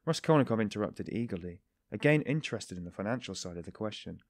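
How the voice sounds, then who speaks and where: A man reading a classic novel aloud as an audiobook narrator, in a steady, even manner. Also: lowish voice, quick pace, no room sound, studio quality. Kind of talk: scripted narration.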